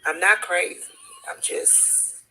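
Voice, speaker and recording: A woman speaking as a distraught grieving mother, halting and repeating herself, dropping to near-whispers and then rising again. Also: pushed and bright, soft background music, poor audio. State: distraught, on the edge of tears. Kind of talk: emotional personal testimony.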